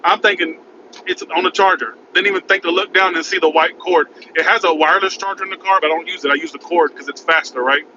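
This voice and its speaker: A man telling a rambling, frantic story in a casual vlog, recorded in his car by a highway. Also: fairly even intonation, quick pace. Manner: rambling, frantic, repeats "oh my God". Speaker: vlogger. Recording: muffled with road noise.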